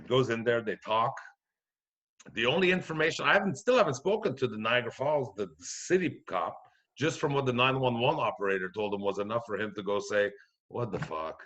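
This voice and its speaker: A middle-aged man from Quebec telling a profane, animated anecdote on a podcast, acting out the other people's voices. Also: mid-range voice, brisk, dull audio. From Quebec, Canada. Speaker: podcast guest comedian. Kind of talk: storytelling anecdote.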